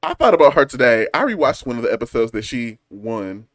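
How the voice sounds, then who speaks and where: A man's voice: mid-range voice, wildly swooping pitch, a little fast, no echo, studio quality. A man co-hosting a casual chat, teasing with slangy one-liners. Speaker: co-host.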